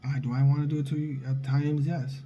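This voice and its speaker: Man, young adult, heated and profane, casual monologue, very dark voice, faint background noise. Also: fairly high pitch, flat delivery, a little fast, rough recording. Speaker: vlogger, father.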